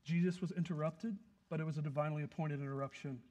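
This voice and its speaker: Male pastor, high-pitched, preaches with loud emphasis and soft asides, acts out quotes. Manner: animated, swings between loud emphasis and quiet asides; plays out the scene with quick acted quotes. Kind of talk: sermon.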